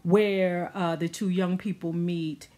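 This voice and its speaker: A woman's voice: on the low side, fairly even intonation, slow, dark tone. A woman casually recapping a TV episode in a sassy, chatty way full of slang asides. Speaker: TV recap vlogger.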